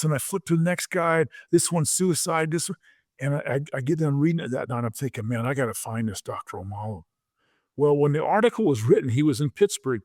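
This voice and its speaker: A man in his sixties, a former pro football player, telling stories as a podcast guest in an animated way, often repeating words and acting out quotes. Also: mid-range voice, dry recording, studio quality. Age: 60s. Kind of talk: conversational storytelling.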